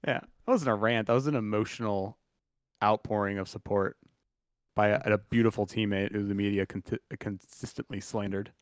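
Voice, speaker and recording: A man's voice: fairly low pitch, steady tone, normal speed, dry recording, studio quality. A man co-hosting a sports podcast, chatting casually in a loose, rambling way with plenty of jokes. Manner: loose, rambling, jokey, laughs often. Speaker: podcast co-host.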